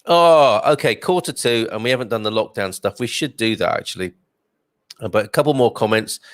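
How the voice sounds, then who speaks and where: A man's voice: on the low side, brisk, dry recording, studio quality. A man hosting a live stream, chatting and reading out viewer comments with rambling asides. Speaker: host.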